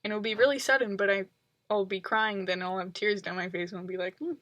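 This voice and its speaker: A woman vlogger talking casually to camera in a rambling, reflective way, often pausing with ums and likes. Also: mid-range voice, fairly even intonation, a bit bright, dry recording, lo-fi sound. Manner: reflective, analytical.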